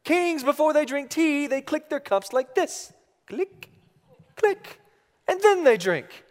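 A man's voice: extremely high pitch, very animated, slow, pitched above the performer's own voice, exaggerated voice. A man voicing his bossy little three-year-old daughter, insistently correcting him, in a reverberant hall.

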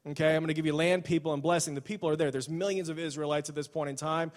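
Animated pastor in a reverberant church. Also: male voice, fairly high pitch, rapid-fire. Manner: casual, storytelling, animated with many restarts. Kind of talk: sermon. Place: church sanctuary. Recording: long hall reverb.

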